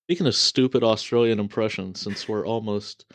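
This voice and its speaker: A man's voice: fairly low pitch, moderate pace, dry recording. An American man co-hosting a podcast, trading blunt, profane, teasing banter. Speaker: podcast co-host.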